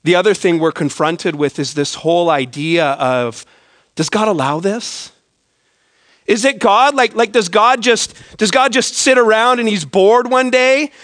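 A middle-aged male pastor preaching a sermon, animated and conversational, dropping to a soft, low tone when telling personal stories. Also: measured pace, no echo, clean studio sound.

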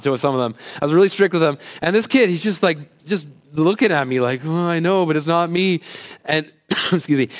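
A man in his thirties giving a casual, conversational sermon as a youth pastor, joking at his own expense and acting out quoted voices. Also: fairly high pitch. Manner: conversational, self-deprecating, acts out quoted voices.

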